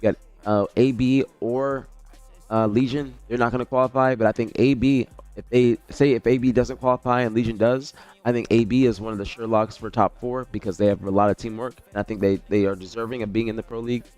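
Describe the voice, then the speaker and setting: A man's voice: medium pitch, fairly even intonation, brisk, a little mellow. Rambling male streamer, faint music behind. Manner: loose, rambling, self-correcting, casual swearing. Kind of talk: casual live-stream commentary.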